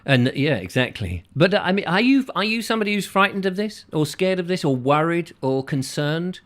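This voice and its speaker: A man's voice: high voice, big pitch swings, a little fast, fairly bright tone. A middle-aged English man hosting a comic live chat show, rambling and acting out chatty shop exchanges. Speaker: host.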